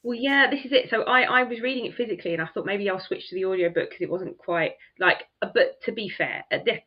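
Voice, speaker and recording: A woman's voice: mid-range voice, fast talker, highs cut off. A woman chatting casually about books, rambling and poking fun at herself. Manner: rambling, self-mocking, laughs often. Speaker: book streamer. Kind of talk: casual chat.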